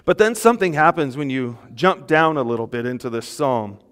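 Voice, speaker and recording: A man preaching a sermon to a congregation, conversational and animated, with jokes and laughs. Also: medium pitch, fairly quick, big-room sound. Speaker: pastor.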